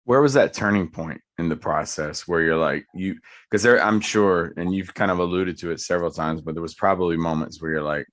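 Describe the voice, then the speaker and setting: Very deep-voiced male podcast host. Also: fairly quick, fairly bright tone. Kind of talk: interview questions.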